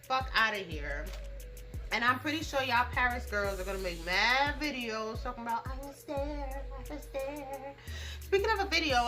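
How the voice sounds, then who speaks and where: A young woman chats through her makeup routine in a blunt, profanity-heavy, slang-filled way. Her voice sits a little on the high side. Music plays clearly underneath her. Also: sharp tone. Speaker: beauty and gossip vlogger. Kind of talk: casual chat while doing makeup.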